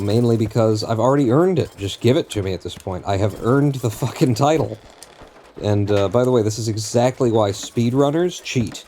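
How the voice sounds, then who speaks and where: Guy streaming a game, swears a lot, rambles to himself, kinda dark mellow voice. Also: medium pitch, slight background noise. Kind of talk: live gameplay commentary.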